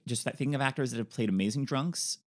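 A man's voice: medium pitch, quick pace. A man co-hosting a podcast, chatting enthusiastically about film casting and jumping between ideas. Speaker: podcast co-host.

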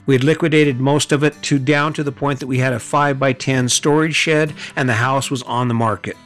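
A man's voice: mid-range voice, fairly even intonation, fairly quick, a bit bright, faint music behind. A middle-aged man hosting a podcast, giving a blunt motivational monologue full of rhetorical questions and swearing. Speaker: podcast host.

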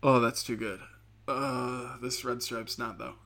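A man talks through a solo podcast rant in a middle-pitched voice. He rambles, swears often and keeps laughing at his own jokes. Now and then he slips into quick impressions of other people. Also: steady tone, bright, forceful tone. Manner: acts out quoted people in sudden bursts. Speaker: podcast host.

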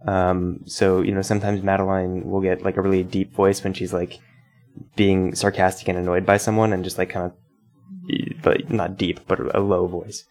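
A man with a very low voice taking part in a relaxed panel discussion. He speaks steadily and sounds upbeat. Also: normal speed. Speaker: podcast panelist. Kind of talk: casual discussion.

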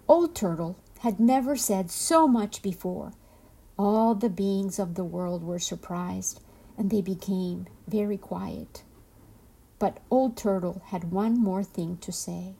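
Slow, husky woman reading a storybook. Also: fairly low pitch. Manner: slow, expressive, lingering on words. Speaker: podcast host and storyteller. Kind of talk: storybook read-aloud.

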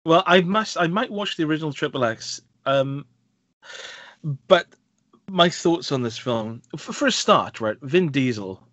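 A man's voice: on the high side, animated, unhurried, fairly bright tone, dry recording. Sex: man. Role: podcast co-host. Style: rambling casual film chat with lots of fillers. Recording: dry, dull lo-fi sound. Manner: chatty, rambling with frequent fillers and self-corrections.

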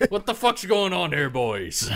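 A man's voice: fairly high pitch, sing-song, unhurried, creaky, background noise, pitched above the performer's own voice, exaggerated voice. A man voicing a crude, blustering male pirate ship captain in pirate dialect. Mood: gruff.

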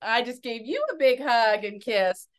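A woman hosting a casual interview, effusive and encouraging toward her guest, with quick asides. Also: on the high side. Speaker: interview host.

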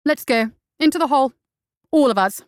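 A woman's voice: fairly high pitch, expressive, moderate pace, a bit bright, dry recording, clean studio sound, pitched above the performer's own voice. A woman voicing a fierce, commanding marshal. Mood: furious.

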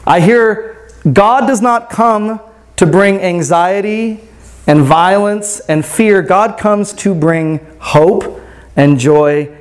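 A man with a fairly high voice delivers a sermon as a pastor, telling a story to his congregation. His delivery is loose and conversational, full of little check-ins like "right?" rather than formal preaching. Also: takes it slowly. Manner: casual, often asks "right?".

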